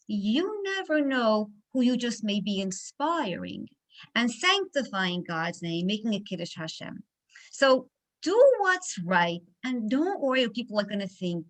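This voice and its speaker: A woman's voice: a little high, low-quality recording. A middle-aged woman giving an inspirational talk, acting out the people in her stories. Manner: animated storyteller, acts out dialogue. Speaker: guest speaker.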